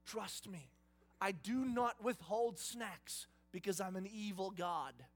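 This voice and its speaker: A preacher voicing a slow patient God. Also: male voice, sits high. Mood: reassuring. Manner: slow and measured. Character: patient fatherly God, calm and reassuring. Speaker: pastor.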